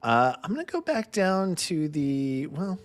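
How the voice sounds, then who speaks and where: A man casually thinking aloud as he plays through a video game on stream, laid-back and unhurried. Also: fairly high pitch, sing-song, soft background music. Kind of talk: casual let's-play commentary.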